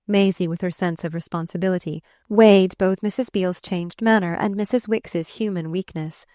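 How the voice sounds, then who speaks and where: A woman narrating a classic novel as an audiobook, reading in a measured, expressive way. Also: lowish voice, no room sound, studio quality.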